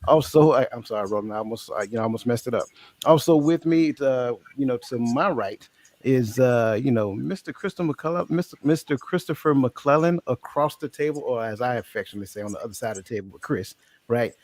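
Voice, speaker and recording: Male podcast host, mid pitch, energetic and colloquial, dry close recording. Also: brisk, no echo. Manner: energetic, shout-outs, self-correcting, colloquial. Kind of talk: casual podcast chat with panel.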